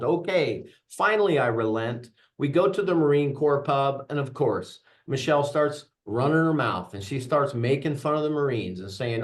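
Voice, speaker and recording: A man's voice: medium pitch, animated, moderate pace, few pauses. Man leading a veterans workshop. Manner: earnest, joking storyteller addressing audience. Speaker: veteran trainer. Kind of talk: interactive workshop talk.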